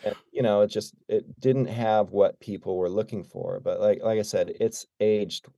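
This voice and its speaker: Brief: middle-aged male guest, mellow low voice, dry close sound, lively storyteller. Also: normal speed, gravelly, dry recording. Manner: animated, acts out quoted dialogue. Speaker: guest drummer. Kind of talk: casual storytelling.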